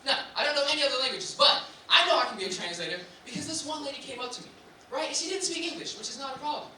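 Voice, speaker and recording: A young man doing a stand-up set at a live venue, telling stories in an animated way with sudden shouts and laughing asides. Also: very high voice, racing. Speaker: stand-up comedian. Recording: echoey distant room mic, loud crowd and noise.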